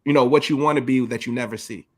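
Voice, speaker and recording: A young man co-hosting a podcast, talking in an animated, slangy, emphatic way in casual chat. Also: mid-range voice, quick pace. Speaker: podcast co-host.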